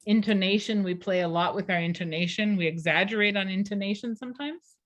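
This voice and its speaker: A woman's voice: mid-range voice, fairly quick, highs cut off. A woman teacher talking in a conversational, explanatory way during a class discussion over a video call.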